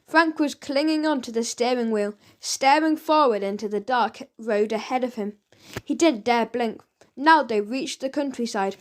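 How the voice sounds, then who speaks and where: High, lively woman reading aloud. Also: normal speed. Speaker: audiobook narrator. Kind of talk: children's audiobook reading.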